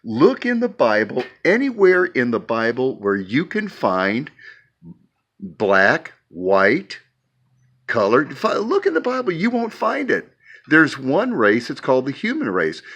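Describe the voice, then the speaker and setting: A man preaching in a slow, musing way while talking from his porch. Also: medium pitch, fairly bright tone, husky. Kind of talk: devotional vlog talk.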